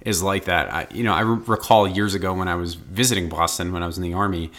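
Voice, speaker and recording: Brief: podcast co-host, deep voice, blunt and profane, casual chat. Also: male voice, fast, a bit bright. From Massachusetts. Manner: blunt, swears freely, laughs at own stories.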